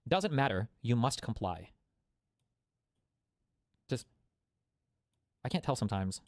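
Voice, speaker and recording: A man's voice: medium pitch, very animated, slow pace, darkish tone, no echo, studio quality. A man live-streaming, arguing with his chat in a profane, argumentative way while thinking aloud. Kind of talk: live reaction commentary.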